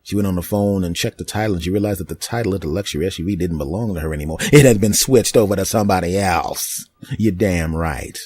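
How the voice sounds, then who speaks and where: Low husky man telling crude comic stories. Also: quick pace, a little mellow, no room sound. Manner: crude, rambling, mock-dramatic. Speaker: podcast host. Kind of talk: comedic storytelling monologue.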